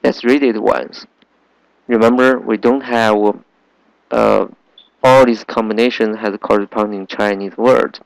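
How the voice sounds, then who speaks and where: Slow, patient male language teacher. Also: on the low side, steady tone, gravelly, dry recording, poor audio. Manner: slow, patient, repeats sounds in drills with many fillers. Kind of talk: language lesson.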